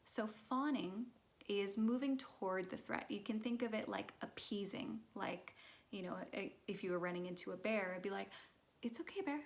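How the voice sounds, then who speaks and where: A woman's voice: mid-range voice, steady tone, moderate pace, creaky. A woman teaching a casual mindfulness lesson in a chatty way, with frequent laughs and fillers.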